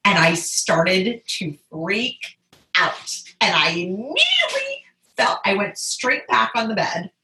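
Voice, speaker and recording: An animated woman tells a personal story in a casual, chatty way, her pitch swinging widely. Her voice is bright and clear, and the recording carries a noticeable room echo. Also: takes it slowly, a little hiss or hum. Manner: animated, laughs often, quotes others in high voices. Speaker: guest telling her birth story. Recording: echoey room.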